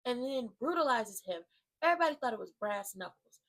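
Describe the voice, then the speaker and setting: A woman with a fairly high voice rants in casual, slangy commentary. She is animated and emphatic and keeps turning to her viewers with asides as she retells the action. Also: brisk. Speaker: wrestling commentary vlogger. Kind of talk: casual ranting recap.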